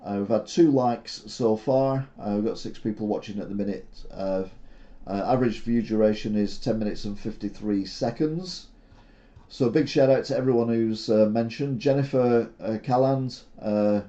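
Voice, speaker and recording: Dark-voiced older man, rambling. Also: medium pitch. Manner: rambling and sarcastic, full of uh fillers. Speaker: live stream host. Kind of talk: casual live stream chat. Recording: dull lo-fi stream audio.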